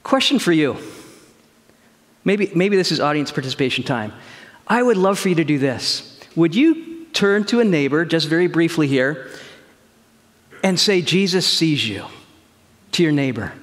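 Animated male pastor in a reverberant church. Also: a little high, normal speed, pauses often. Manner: conversational, animated storytelling with quoted dialogue. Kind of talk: sermon with personal story. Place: church sanctuary. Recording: long hall reverb.

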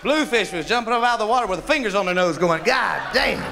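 A stand-up comedian telling a raunchy, profane joke and laughing along with it. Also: male voice, high-pitched, lively intonation, racing, background noise. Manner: raunchy, profane, laughing at his own jokes.

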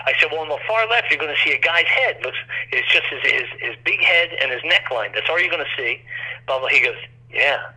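A man's voice: fairly high pitch, animated, a little fast, sharp tone, breathy edge. A man telling a long, rambling story as an interview guest, acting out quoted voices, over a phone line.

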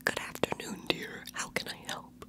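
A woman's voice: normal speed, pushed and bright, natural voice. A woman voicing a courteous female receptionist with a put-on accent, in whispered role-play. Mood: polite. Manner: courteous, calls people dear.

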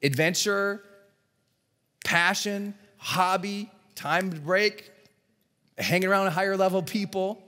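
A man giving an energetic motivational seminar talk to a live audience in a large event hall, often acting out voices in his stories. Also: high-pitched, slow pace, long pauses. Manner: energetic, animated, acts out dialogue in voices. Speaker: motivational speaker and coach.

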